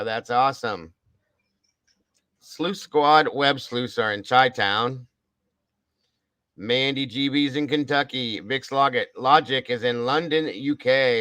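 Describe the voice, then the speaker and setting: Giving viewer shoutouts on a laid-back livestream, this Ohio host rattles off where people are tuning in from, staying chatty and upbeat and swearing casually. He has a mid-range voice, and the recording is dry and rough.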